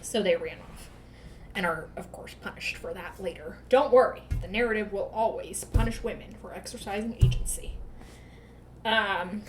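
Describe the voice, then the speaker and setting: A woman co-hosting a book podcast, recapping chapters in casual chat, sarcastic and profane, slipping into quick voices for the characters. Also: medium pitch, reverberant, over music.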